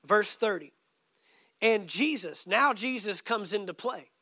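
A male pastor preaching a sermon, emphatic, dropping suddenly soft and adding joking asides to the congregation. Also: high voice, animated, measured pace, husky, no room sound, studio quality.

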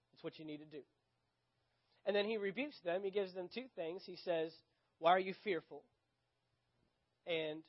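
Emphatic high-voiced Southern preacher. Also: male voice, lo-fi sound. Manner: emphatic, repeats key phrases, acts out scripture dialogue. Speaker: pastor. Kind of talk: sermon. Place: church sanctuary.

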